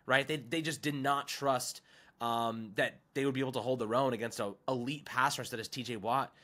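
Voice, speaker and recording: A man's voice: medium pitch, steady tone, moderate pace, fairly bright tone. A man co-hosting a sports podcast, giving emphatic, opinionated football analysis. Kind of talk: casual sports talk.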